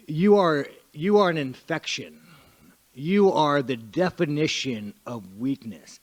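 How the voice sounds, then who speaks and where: A fighter at a press conference, ranting aggressively at a reporter and swearing nonstop. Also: male voice, medium pitch. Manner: profane, aggressive, shouting insults.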